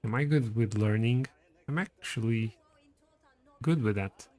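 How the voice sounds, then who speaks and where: A man's voice: mid-range voice, a little slow, a little mellow, no room sound. A man casually commenting on his strategy game and reading its text aloud as he plays. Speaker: streamer playing a strategy game.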